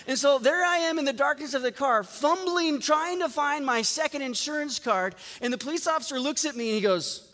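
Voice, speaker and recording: A high-voiced male pastor tells his sermon as a relaxed story, acting out every exchange of dialogue. He speaks fairly quickly with few pauses, and a long reverb makes it sound as though he fills a large church sanctuary.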